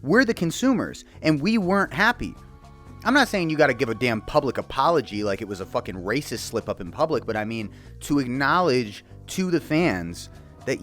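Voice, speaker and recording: A man giving a casual, profane commentary rant, animated and mocking. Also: medium pitch, moderate pace, soft background music. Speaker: video commentator.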